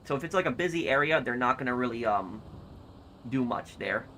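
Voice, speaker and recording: A man's voice: mid-range voice, expressive, fairly quick, bright, forceful tone, a little hiss or hum. A young American man streaming a game live, reading chat and thinking aloud with hesitant, repeated starts. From United States.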